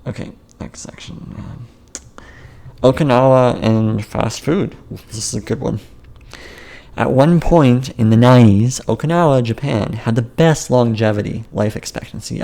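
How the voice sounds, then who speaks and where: A man's voice: mid-range voice, gravelly, darkish tone. A man narrating his own memoir as an audiobook, casual and joking, with wry asides.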